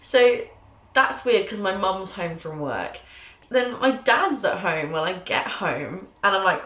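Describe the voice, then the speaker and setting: A woman's voice: mid-range voice, animated, takes it slowly, a bit bright. A young woman in her twenties telling her own story to camera in a chatty, candid, self-mocking way. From England. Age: 20s. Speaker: vlogger, journalism student. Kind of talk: casual personal storytelling to camera. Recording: roomy, echoey sound.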